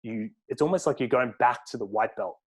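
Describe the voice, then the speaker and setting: A man's voice: medium pitch, a little fast, slightly rough. Man, podcast host, casual chatty interviewer, mid-range voice. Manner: relaxed, chatty, filler-heavy.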